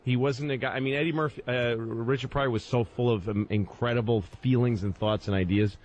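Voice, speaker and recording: A man's voice: mid-range voice, steady tone, brisk, darkish tone, lo-fi sound. Storytelling male co-host, faint hiss. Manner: storytelling, acts out scenes in put-on voices. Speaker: radio show co-host. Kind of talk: casual comedic chat.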